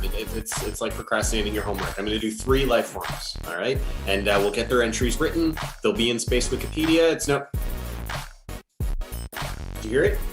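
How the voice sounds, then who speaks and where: Male improviser as a harried, self-correcting space log keeper; middling pitch, roomy echo. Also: lightly acted. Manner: rambling, distracted, self-correcting. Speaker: improv performer playing a space station host. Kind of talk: improvised sci-fi comedy. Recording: echoey room with faint music.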